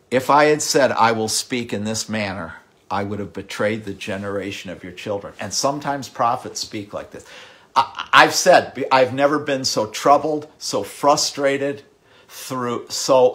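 A middle-aged man preaching a sermon with passion, repeating words, swinging from loud outbursts to hushed, whispered lines. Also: mid-range voice. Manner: impassioned, with repeated words and sudden drops to a hush. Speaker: pastor.

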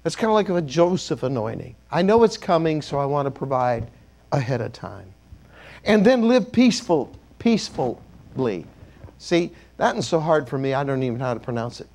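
A man's voice: mid-range voice, big pitch swings, normal speed, creaky, darkish tone. A man preaching a sermon as a bishop in a church, joking and calling on the congregation to repeat words after him.

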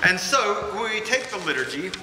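A man's voice: high-pitched, very animated, normal speed. A man preaching a sermon as pastor, earnest and emphatic, with repetitions, in a large church sanctuary. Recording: echoey church hall with background noise.

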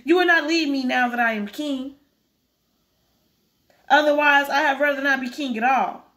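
A woman reading aloud as a tender, eager young boy prince in a storybook, with a bright voice. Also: high voice, moderate pace. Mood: anxious.

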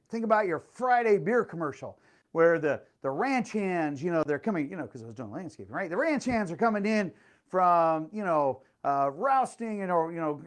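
A middle-aged man talks in a high, bright voice that jumps all over the place. He chats casually as a real estate agent, with plenty of fillers and playful exclamations. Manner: animated, chatty, full of fillers and playful exclamations. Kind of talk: casual vlog storytelling and market update.

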